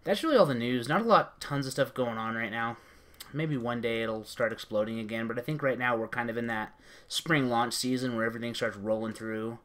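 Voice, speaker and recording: A man's voice: medium pitch, brisk, a bit bright. A man hosting a podcast, rambling through gaming news with lots of fillers and restarts over an internet call. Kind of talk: casual chat.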